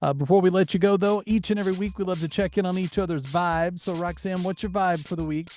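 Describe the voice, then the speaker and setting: A man's voice: sits high, steady tone, fast, a little mellow, slight background noise. A man co-hosting a casual podcast chat, easygoing and rambling with filler words. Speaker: podcast co-host.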